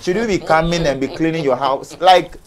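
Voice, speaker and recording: A man's voice: a little high, a little fast, a crowd in the background. A man from Ghana on an entertainment panel, arguing heatedly and firing off rhetorical questions. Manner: forceful, argumentative, rhetorical questions.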